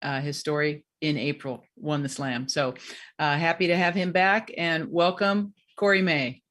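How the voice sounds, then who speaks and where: A woman's voice: deep voice, fairly even intonation, a little slow, fairly bright tone. A woman hosting an online storytelling slam, introducing the next teller in an upbeat, casual way. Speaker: host.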